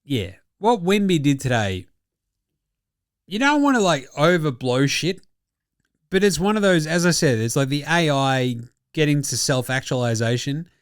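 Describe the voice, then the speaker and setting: A man's voice: on the high side, big pitch swings, moderate pace, clean tone, no room sound, clean studio sound. A man with an Australian accent hosting a casual basketball recap, profane and jokey, laughing often. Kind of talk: casual sports recap commentary.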